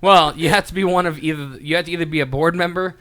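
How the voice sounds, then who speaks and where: A man's voice: fairly high pitch, steady tone, fast, a bit bright. An American man co-hosting a podcast, chatting casually and joking with a lot of laughter. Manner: jokey, laughs often. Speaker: podcast co-host and part owner. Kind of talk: casual chat.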